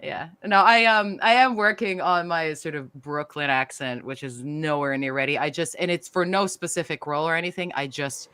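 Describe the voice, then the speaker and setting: A woman's voice: low voice, moderate pace, few pauses, a bit bright. A woman voice actor chatting playfully on a fan Q&A panel. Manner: playful, lots of fillers and laughter. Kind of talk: casual panel chat.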